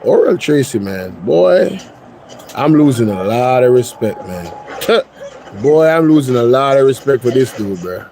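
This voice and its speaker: A man's voice: medium pitch, sing-song, normal speed, warm tone, a little hiss or hum. Sex: man. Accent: Jamaican. Role: host. Style: reaction commentary, blunt and incredulous. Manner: incredulous, blunt, mixes patois and English.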